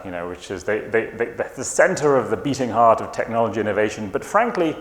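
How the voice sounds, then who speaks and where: A man from the United Kingdom with a British accent, giving a conference talk in a large hall, hesitant with frequent fillers. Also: fairly low pitch. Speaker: conference speaker. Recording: echoey hall.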